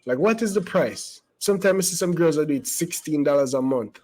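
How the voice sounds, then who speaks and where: Guy ranting casually to his channel, bit higher voice, lots of asides and restarts. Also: lively intonation, fairly quick, hardly any pauses, darkish tone, rough recording. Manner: rambling, emphatic, with asides and restarts. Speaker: channel host giving social commentary. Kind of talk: casual commentary to camera.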